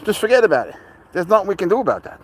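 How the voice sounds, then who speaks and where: A pet vlogger walks his cat outdoors near a cemetery, talking casually to the camera and to the cat as if it were his buddy. His voice is high-pitched and husky, very animated, with rapid-fire delivery.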